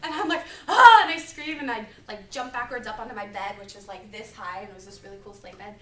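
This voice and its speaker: A woman in her twenties giving a topical sermon as a preaching student, telling personal stories in a chatty, animated way full of "like". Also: medium pitch, fast. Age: 20s. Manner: chatty, animated, filler-heavy with lots of "like". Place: classroom. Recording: echoey classroom, mic far off.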